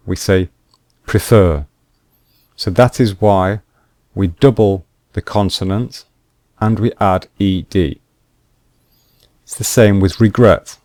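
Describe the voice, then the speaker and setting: Slow, deliberate male English teacher. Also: on the low side, darkish tone, no room sound, clean studio sound. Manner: slow, deliberate, repeats each rule. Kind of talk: slow explanatory grammar lesson.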